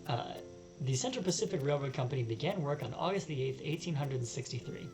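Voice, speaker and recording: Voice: mid-range voice, expressive, a little fast, poor audio. Chatty let's-player over game music. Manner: chatty, joking asides while reading aloud. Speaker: let's play host. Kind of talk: casual game commentary.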